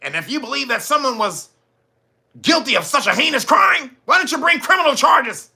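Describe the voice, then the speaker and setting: A man's voice: very high voice, very animated, normal speed, gravelly, sharp tone, voice pushed up, full character voice. A man putting on the voice of an indignant grown man who denies accusations. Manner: defiant, protesting.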